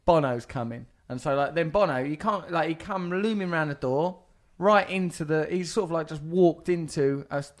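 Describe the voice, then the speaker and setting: Man, podcast host, comic rambling storytelling, mock-formal wording, somewhat high voice. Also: normal speed, hardly any pauses. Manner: wordy, mock-formal, many restarts.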